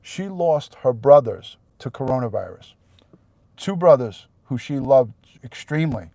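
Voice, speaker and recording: A middle-aged retired police detective, talking blunt and profane on a live stream, sometimes heated and shouting. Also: male voice, mid-range voice, lively intonation, unhurried, vocal fry, no room sound. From New York. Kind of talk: live stream rant to viewers.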